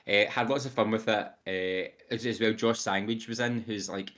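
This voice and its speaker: A man's voice: lowish voice, fairly even intonation, moderate pace, a bit bright. A young man co-hosting a podcast, chatting casually and enthusiastically with lots of fillers. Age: young adult. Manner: enthusiastic, rambling with fillers, quotes voices animatedly. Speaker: podcast co-host. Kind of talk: casual chat.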